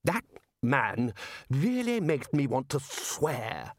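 A man's voice: mid-range voice, very animated, slow, dry recording, clean studio sound, exaggerated voice. A man voicing a nervous, querulous male university bursar who stammers and apologizes. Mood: fretful.

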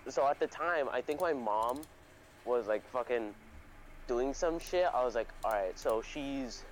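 A man's voice: mid-range voice, measured pace, slight background noise, poor audio. A young man hosting a casual chat, telling a story in a rambling, profane way with lots of fillers and restarts. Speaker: podcast host.

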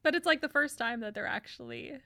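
A woman co-hosting a casual movie chat, laughing often and telling lively stories. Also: on the high side, fast. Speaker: podcast co-host.

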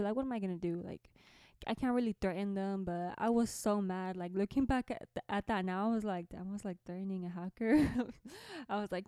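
A young woman, a podcast host and musician, tells a story to camera in a small orange bedroom by a window, chatting away, laughing often and using plenty of fillers. Her voice is medium-pitched, brisk and mellow with a clean tone. The studio-quality recording has no echo.

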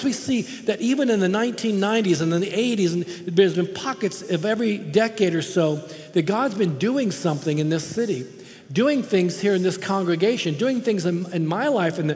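A high-pitched man delivers an impassioned sermon from a church platform. He presses his points hard and repeats words for stress. His voice rings out with the long reverb of a large hall. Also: a little mellow. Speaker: guest preacher. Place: church sanctuary.

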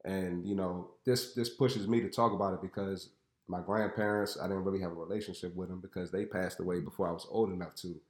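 A man's voice: sits low, fairly even intonation, a little fast, darkish tone, reverberant. A young man with a stuffy voice from a cold, hosting a fitness podcast in a blunt, joking way that turns preachy about health. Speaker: podcast host. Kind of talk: casual podcast talk.

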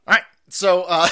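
A middle-aged man live-streaming a profane, exasperated rant as a political commentator, lurching between low mutters and loud outbursts.

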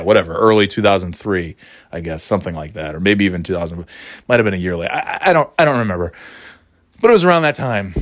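A man's voice: sits low, no room sound, clean studio sound. A man in his forties casually telling a personal anecdote, rambling and self-deprecating with frequent restarts. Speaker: storyteller.

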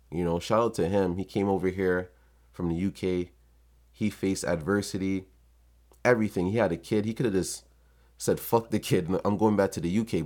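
A man with a low, deep voice speaks in a loose, heartfelt vlog monologue. He is earnest and emotional, swearing freely as he talks. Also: darkish tone. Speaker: vlogger.

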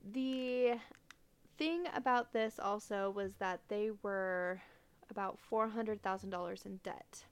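A woman's voice: medium pitch, slow, clear, resonant tone. A young woman co-hosting a podcast, retelling a true crime case in a casual chatty way, with lots of fillers. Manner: chatty storytelling with many fillers and quoted asides. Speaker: podcast co-host.

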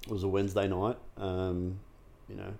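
A man's voice: low voice, little pitch movement, moderate pace, vocal fry, warm tone. A man in a candid interview, telling his own story frankly, swearing freely and filling his talk with ums and restarts. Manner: frank and unguarded, heavy swearing, many fillers and restarts. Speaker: guest sharing his recovery story.

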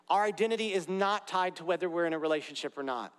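A high-voiced pastor races through his sermon with hardly any pauses, earnest and direct. He works in conversational asides to the congregation. The church sanctuary's large hall adds a long reverb.

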